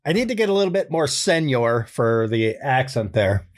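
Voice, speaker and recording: A man recording his own character voices and calmly explaining his process, relaxed, thinking aloud and amused at himself. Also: medium pitch, moderate pace. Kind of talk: casual behind-the-scenes explanation.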